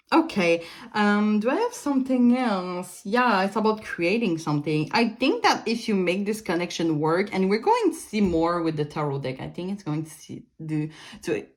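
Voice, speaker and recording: Woman, young adult, tarot reader, rambling delivery, fillers and restarts, mid-pitched voice. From Canada. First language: French. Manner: meandering, many fillers and restarts, light laughs. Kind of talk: casual pick-a-card tarot reading.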